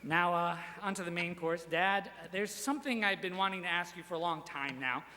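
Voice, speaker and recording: A young man with a very high, bright voice delivers a crude, self-deprecating roast from a stage mic in a large hall. His voice carries a long reverb tail, with faint ambience behind it. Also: normal speed. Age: young adult. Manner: crude, self-deprecating jokes with rising shouted punchlines. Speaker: roast speaker. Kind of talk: stand-up roast set. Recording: live hall recording with reverb.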